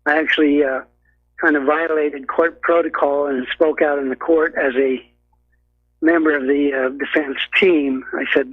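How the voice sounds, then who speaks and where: A man calling in to a radio show, speaking haltingly with many fillers and restarts, heard over a phone line. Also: a little high, little pitch movement, no echo. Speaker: caller. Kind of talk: call-in radio talk.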